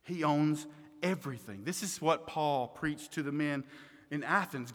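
A man preaching a sermon as pastor, emphatic, swinging between loud stresses and quiet asides. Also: a little high, a little slow. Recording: long reverb of a hall.

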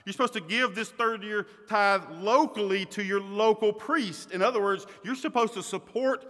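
Emphatic high-voiced male preacher in a hall. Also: normal speed. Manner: emphatic preaching, swings between loud and quiet. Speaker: pastor. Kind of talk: sermon. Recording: long reverb of a hall.

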